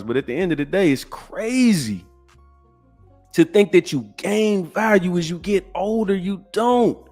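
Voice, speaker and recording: A man's voice: lively intonation, measured pace, faint music behind. Blunt, profane man in his forties. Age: 40s. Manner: blunt, profane, swings from loud outbursts to low sighing. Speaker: podcast host. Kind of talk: ranting commentary.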